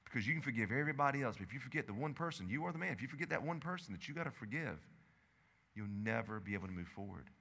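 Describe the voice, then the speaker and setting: Bright-voiced preaching man in a reverberant hall. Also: expressive, racing, creaky. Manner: swings between loud urgent stretches and low hushed lines. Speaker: pastor. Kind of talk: sermon. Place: church sanctuary.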